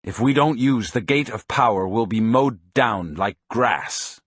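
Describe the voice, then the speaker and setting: A man voicing an old male sorcerer, cryptic and urgent, speaking in a hushed, secretive way. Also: lowish voice, lively intonation, measured pace, breathy edge, dry recording, clean studio sound. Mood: ominous.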